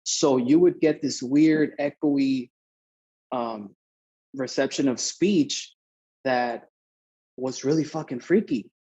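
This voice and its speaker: A young adult man from Mexico, a podcast guest telling a story in casual talk, animated and swearing as he acts out both sides of the conversation. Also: mid-range voice, slow pace, pauses often, breathy edge, muffled recording.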